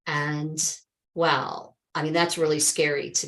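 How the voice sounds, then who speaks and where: A woman's voice: deep voice, little pitch movement, unhurried, fairly bright tone, rough recording. A woman talks straight to her live-stream viewers as a health coach, calling them by name. She is emphatic and chatty, full of exclamations, with remarks of faith mixed into her advice.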